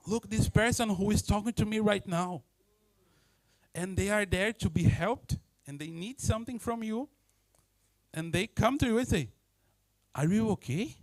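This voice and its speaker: A male preacher giving an animated sermon, acting out everyday scenes in non-native English. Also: high-pitched, moderate pace, no echo, rough recording. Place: church.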